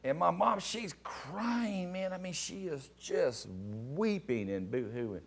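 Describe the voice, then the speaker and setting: A middle-aged pastor telling a personal testimony in a sermon, animated and excitable, with a gravelly voice. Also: male voice, takes it slowly. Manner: animated storyteller, rising to excited high pitch at climaxes. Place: television studio.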